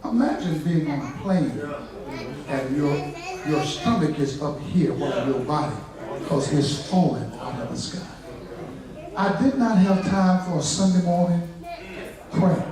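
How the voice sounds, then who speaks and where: Man preaching a revival sermon, high voice, booming echoey church heard from far off, congregation calling back. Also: unhurried, pauses often, a crowd in the background. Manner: builds from low storytelling to shouted climaxes; folksy, humorous asides to the congregation. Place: church sanctuary. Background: congregation responding.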